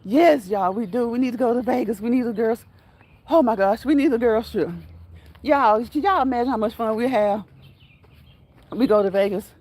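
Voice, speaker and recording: Casual woman, livestream host, breathy and high, laughs often. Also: moderate pace, a little mellow. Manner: laughs often until crying, talks straight to viewers. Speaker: livestream host reading chat comments.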